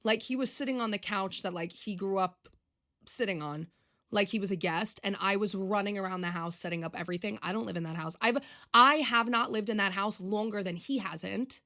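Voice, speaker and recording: Brisk and sharp-toned, this mid-range female voice comes from a young Long Island podcast host. She rambles on her own in a loose, confessional, emotional chat.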